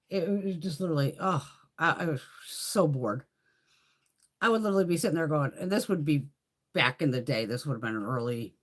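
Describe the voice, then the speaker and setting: A woman in her fifties chats on a makeup livestream, swearing freely and laughing through her stories. Her voice sits low, yet it swings widely in pitch as she tells them. She breaks off now and then to answer viewers' comments. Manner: profane, blunt storytelling with frequent laughs. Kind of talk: casual livestream chat.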